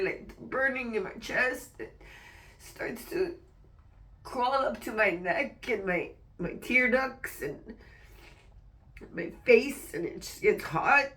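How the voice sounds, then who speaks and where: Fighting tears, this woman unloads in a raw personal vlog, cursing frequently and restarting sentences partway through. She sounds on the high side, expressive and a bit bright, and is far from the mic.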